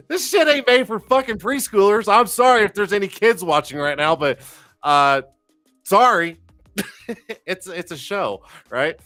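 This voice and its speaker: A man with a high, bright, ringing voice hosts a live stream in loose, jokey banter. He swears freely and stumbles through fillers and restarts, and faint music plays behind him. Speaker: livestream talk show host. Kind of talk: casual live-stream chat.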